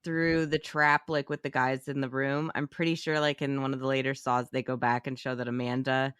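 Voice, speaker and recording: A woman co-hosting a casual film podcast, talking animatedly and swearing freely, with her pitch jumping up when she gets excited. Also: a little fast, clean tone, no echo, studio quality. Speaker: podcast co-host.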